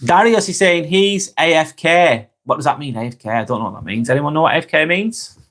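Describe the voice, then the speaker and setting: A man's voice: a little high, lively intonation, brisk, fairly bright tone. A young man hosting a casual live stream, reading viewers' comments aloud and answering them frankly and chattily.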